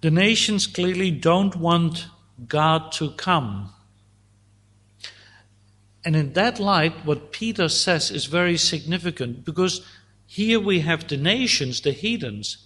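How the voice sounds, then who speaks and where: Man, preacher, sermon, slow deliberate delivery, fairly high voice. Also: expressive, fairly bright tone. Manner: slow deliberate Bible teaching, voicing God's words.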